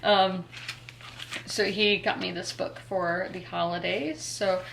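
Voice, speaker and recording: A woman's voice: on the low side, steady tone, slow, creaky, fairly bright tone, slight background noise. Chatty young woman vlogging. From South Carolina, US. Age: 20s. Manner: chatty and rambling, many ums and likes. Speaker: book vlogger. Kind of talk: casual reading vlog chat.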